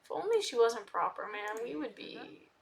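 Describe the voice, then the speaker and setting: A young woman casually commenting on a life-sim game, chatting to the characters and getting loudly indignant at times. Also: fairly high pitch, very animated, moderate pace, vocal fry. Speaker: gaming video creator.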